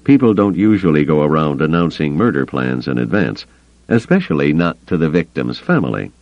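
A man voicing an earnest young male Jedi, calm and quietly confident, in an audiobook. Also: a bass voice, a little fast, dry recording, muffled recording, full character voice. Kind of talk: audiobook character voice.

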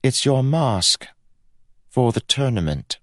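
A man voicing a playful, teasing young prince of about twenty, calm and wryly amused. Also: mid-range voice, slow, no room sound, studio quality, pitched above the performer's own voice.

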